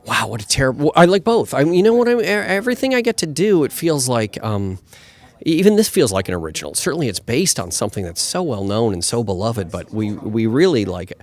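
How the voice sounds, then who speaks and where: A man's voice: medium pitch, sing-song, brisk. A man, a screenwriter, answering red carpet questions with enthusiasm, thinking aloud and restarting his sentences.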